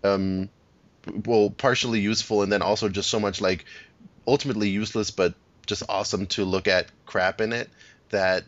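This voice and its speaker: A low-voiced man talks through his thoughts on a podcast, circling back and restarting often as he goes. His sentences wander with plenty of fillers. The recording sounds dull and lo-fi. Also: fairly even intonation, moderate pace, a bit bright, no echo. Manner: rambling, many restarts and fillers. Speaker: podcast co-host. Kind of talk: casual chat about games.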